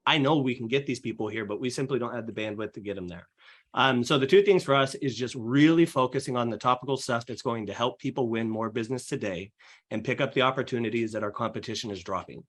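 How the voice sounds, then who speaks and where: A young man with a mid-range, slightly bright voice talks quickly as a guest on a podcast. He's a real estate agent explaining things eagerly and casually, packing in fillers and acting out what his clients say.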